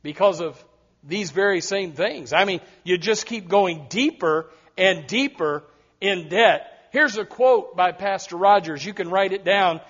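High-voiced preaching man, dull recording. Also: unhurried, a bit bright. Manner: emphatic preaching with repeated words and direct asides to the congregation. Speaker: pastor. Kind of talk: sermon.

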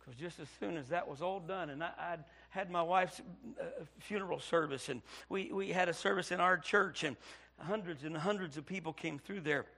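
A Baptist pastor from Indiana preaching a sermon, telling a story and swinging from hushed passages to near shouting. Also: male voice, on the high side, moderate pace.

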